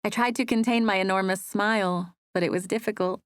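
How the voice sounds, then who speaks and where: Soft-spoken woman reading a romance audiobook. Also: medium pitch, steady tone, fairly quick, clean tone, no room sound, studio quality. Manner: soft, intimate storytelling. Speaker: audiobook narrator. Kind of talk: first-person romance audiobook narration. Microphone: close studio mic.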